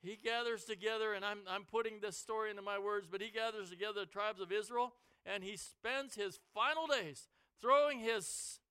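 High-voiced, bright preacher giving a sermon. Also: male voice, smooth, dry recording. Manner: dramatic, swings from quiet to shouting. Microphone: headset mic.

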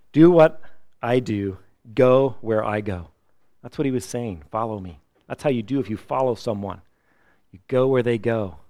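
A middle-aged man preaching a sermon, lively and emphatic, now and then acting out the people he quotes. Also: on the low side, no echo. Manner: animated preaching, acts out quoted voices. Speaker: pastor.

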